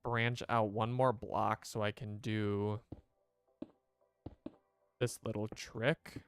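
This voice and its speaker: A man's voice: on the low side, flat delivery, slow pace, clean tone, no echo, soft background music. A man streaming a game, chatting casually to his viewers and rambling as he plays. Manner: rambling, chatty, talks to chat.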